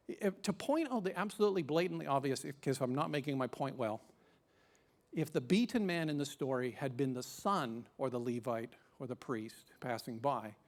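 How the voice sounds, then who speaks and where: A man, preaching a sermon as pastor with animated, emphatic storytelling. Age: 50s. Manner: animated, emphatic storytelling with sudden rises in pitch and loudness.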